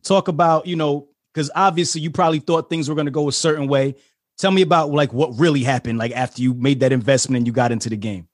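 A man's voice: a little high, fairly even intonation, fast, no echo, studio quality. A man hosting a casual interview, asking rambling questions with restarts. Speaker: host.

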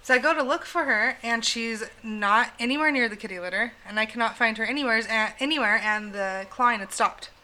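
Bright-voiced woman telling a story, swearing. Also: a little high, fairly quick, few pauses, poor audio. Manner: animated, swears freely, laughs while telling a story. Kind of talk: casual storytelling chat.

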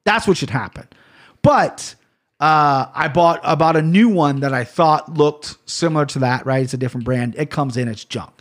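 A man talking to camera in a casual solo rant, rambling and cursing freely, with bursts of loud mock outrage. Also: a little high, moderate pace. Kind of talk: casual solo rant about gear and fight news.

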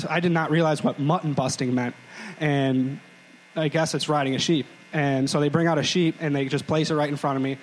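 A young man on a live stage sets the scene for a story and drops joking asides as he goes. His voice is somewhat high, with faint background noise in the recording. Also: rough recording. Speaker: podcast co-host. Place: live stage before a crowd.

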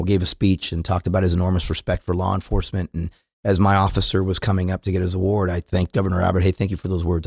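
Earnest man with a dry low voice. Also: gravelly, a little mellow, dry recording. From California. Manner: earnest, repeats words when starting sentences. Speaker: police chief. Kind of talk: interview answers on a podcast.

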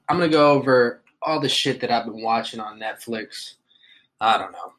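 A man's voice: medium pitch, moderate pace, fairly bright tone, low-quality recording. A man hosting a podcast solo, talking in a laid-back, joking, profane way. He has just woken up and coughs now and then. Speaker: podcast host. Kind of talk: casual podcast monologue.

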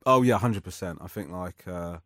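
A man's voice: sits low, normal speed, no echo, studio quality. A man, chatting as a comedian guest in a rambling, self-mocking way, often laughing. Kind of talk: casual interview chat.

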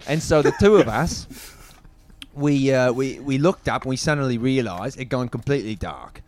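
A man playing a flustered neighbour who talks in a put-on British accent in an improvised comedy podcast, laughing and animated. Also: medium pitch, normal speed, lightly acted.

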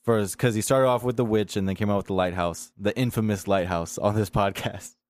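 A man's voice: on the low side, fairly even intonation, a little fast. A man hosting a podcast in casual chat, rambling and laughing as he talks. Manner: rambling, laughing film talk. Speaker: podcast host.

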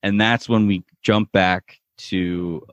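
A man co-hosting a podcast, recapping a TV episode in excitable casual chat, full of "like" and the odd swear. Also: low-pitched, slow, no room sound, muffled recording. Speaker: podcast co-host.

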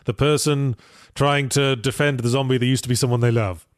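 A man's voice: medium pitch, fairly even intonation, brisk, no room sound. A man co-hosting a podcast in casual chat, dry and sardonic. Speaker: podcast co-host.

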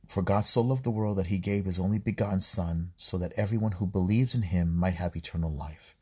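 A man's voice: low-pitched, brisk, few pauses, slightly rough. A man giving informal scripture commentary, earnest, often repeating words and restarting sentences. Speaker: Bible study host.

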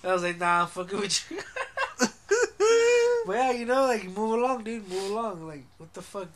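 A young man talks in a casual, profane way, joking and laughing through his stories. His voice sits high for a man. A faint hiss runs under the recording. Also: expressive, normal speed, fairly bright tone. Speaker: podcast co-host. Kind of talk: casual chat.

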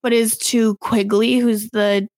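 A woman's voice: on the high side, level tone, takes it slowly, darkish tone, no echo. A woman co-hosting a podcast in casual, opinionated chat, saying "like" often. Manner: conversational, opinionated, uses "like" often. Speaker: podcast co-host.

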